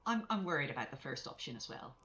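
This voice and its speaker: A woman's voice: low-pitched, expressive, fast, a bit bright, highs cut off, faint music behind. A woman playing a tabletop role-playing game, talking casually and thinking aloud with frequent laughs. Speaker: player.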